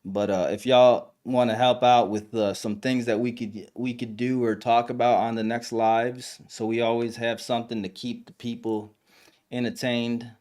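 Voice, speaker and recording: A man's voice: medium pitch, little pitch movement, normal speed, a little mellow. A young man hosting a live stream podcast, telling stories and chatting casually with slang and fillers. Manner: loose storytelling, lots of slang and fillers.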